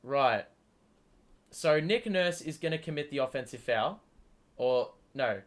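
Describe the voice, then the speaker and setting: A man's voice: mid-range voice, measured pace. A man hosting a live basketball watchalong stream, giving play-by-play and swearing freely as he argues with the players. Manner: excitable, swears often, talks back at the players. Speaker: host. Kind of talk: live sports watchalong commentary.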